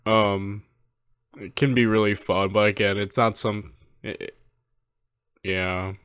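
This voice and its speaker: Young man, low voice, smooth, dry close sound, rambling heartfelt reaction talk. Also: fairly even intonation, slow pace, fairly bright tone, no room sound. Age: 20s. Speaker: reaction video host. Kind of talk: casual reflective commentary. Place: at home.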